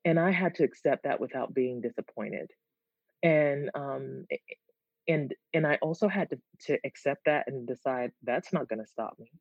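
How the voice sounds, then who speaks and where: A woman guest chatting in an interview, animated and quick to laugh. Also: rumbling low, husky, no echo. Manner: animated, laughs easily, restarts words. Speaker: guest, content creator. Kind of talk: casual interview chat. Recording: dull lo-fi, dry sound.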